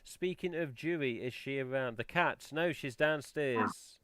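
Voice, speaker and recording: A man's voice: medium pitch, a little slow, fairly bright tone, no echo. A man hosting a casual livestream, chatting in a rambling, self-interrupting way. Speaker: livestream host. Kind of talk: casual chat.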